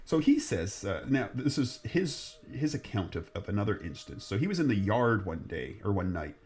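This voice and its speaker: A man's voice: fairly low pitch, sing-song, moderate pace, a little mellow, breathy edge. A man hosting a podcast, telling a ghost story in a rambling, jokey way. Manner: rambling, jokey, restarts often. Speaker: podcast host. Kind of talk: casual storytelling chat.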